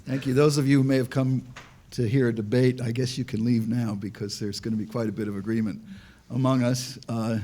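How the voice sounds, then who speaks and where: A man's voice: mid-range voice, fairly even intonation, brisk, warm tone. An older man and former diplomat giving a public talk, telling dry jokes and anecdotes with frequent restarts. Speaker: panel speaker, former diplomat.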